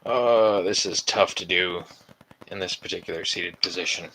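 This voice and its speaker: A man with a low voice rambles through a casual livestream as he crafts, working with his hands between thoughts. His tone is bright and forceful, and he talks in a loose way full of fillers. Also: moderate pace, slight background noise, low-quality recording. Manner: rambling and chatty, with frequent fillers. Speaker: cosplay maker streaming his build.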